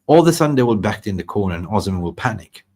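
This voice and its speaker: A man hosting a live football transfer show, excitable and rambling, repeating words for emphasis. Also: lowish voice, rapid-fire. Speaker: host.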